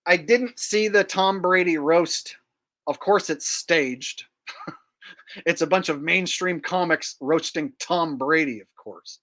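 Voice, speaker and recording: A man's voice: on the high side, takes it slowly, a bit bright. Sneering, boastful man ranting. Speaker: channel host. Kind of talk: casual commentary rant.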